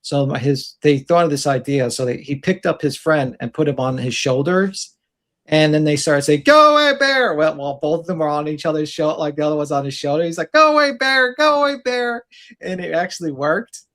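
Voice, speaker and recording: A man's voice: on the high side, steady tone, fairly quick. Rambling man telling stories on a stream. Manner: rambling storyteller, gives advice. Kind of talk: casual chat.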